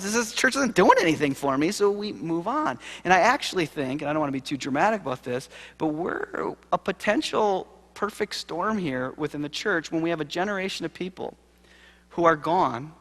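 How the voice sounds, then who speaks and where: A man speaks from a lecture hall stage, his voice sitting a little high and ringing with long reverb. He tells stories in a lively, conversational way and acts out the quoted people. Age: late 30s. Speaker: keynote speaker, seminary professor. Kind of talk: conference keynote talk. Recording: live hall recording with reverb.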